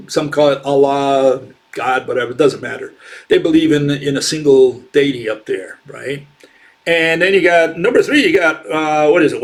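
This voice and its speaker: A man giving unscripted commentary as a channel host, scornful and argumentative, firing rhetorical questions with frequent fillers and restarts. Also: a little high.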